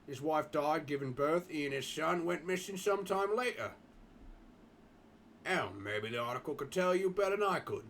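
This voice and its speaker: A man's voice: fairly high pitch, lively intonation, normal speed, fairly bright tone, slight background noise. A man reading the lines of a brash young male treasure hunter in a point-and-click game, in an offhand, cocky way.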